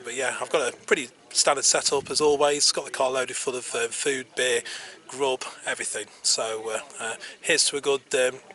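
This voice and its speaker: A man's voice: medium pitch, pushed and bright. A man vlogging casually from a campsite, rambling with lots of ums and uhs. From England. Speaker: camping vlogger. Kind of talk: casual outdoor vlog. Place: campsite outdoors.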